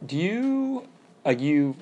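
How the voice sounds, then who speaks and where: A man's voice: fairly high pitch, sing-song, takes it slowly, mellow, lo-fi sound. A man co-hosting a casual podcast, asking playful, joking questions. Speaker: co-host.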